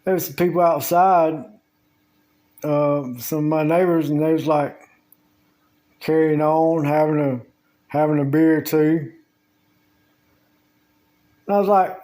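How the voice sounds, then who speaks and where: A vlogger rambles through a casual monologue at home with the door open. His voice sits on the high side with fairly even intonation and a warm tone, and he drawls slowly through meandering stories in Southern US grammar.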